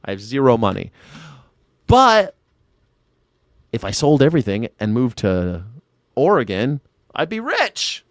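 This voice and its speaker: A man's voice: medium pitch, a little mellow, dry recording, clean studio sound. A male independent commentator chatting casually with his stream viewers, rambling, sarcastic and full of profanity. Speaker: independent news and culture commentator. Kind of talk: casual livestream chat reading viewer comments.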